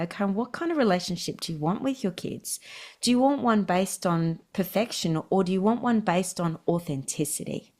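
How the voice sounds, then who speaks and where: Animated middle-aged woman. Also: mid-range voice, moderate pace. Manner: animated storytelling, laughs often. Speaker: parenting expert guest. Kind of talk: podcast interview.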